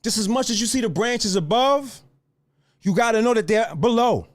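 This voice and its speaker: Male podcast host, very high voice that swings widely, heated profane rant at listeners. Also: lively intonation, moderate pace. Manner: heated, profane, lecturing the audience.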